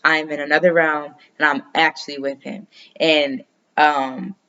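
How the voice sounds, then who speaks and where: An astrology vlogger with a low, sharp-toned voice chats casually about her dreams and astrology, rambling loosely and swearing freely. She speaks at a normal pace with flat delivery, and the recording sounds muffled.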